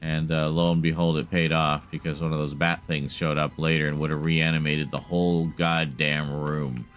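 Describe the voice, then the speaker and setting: A man's voice: extremely low pitch, flat delivery, normal speed, fairly bright tone, faint music behind. A man giving casual, chatty live commentary as he streams a horror game, wry and laughing at himself, with light swearing. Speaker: gaming streamer.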